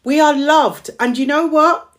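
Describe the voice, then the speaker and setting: Woman host, slightly higher voice, emphatic repeated affirmations, strained voice. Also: steady tone, unhurried. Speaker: community host of a live stream. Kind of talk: motivational live-stream talk.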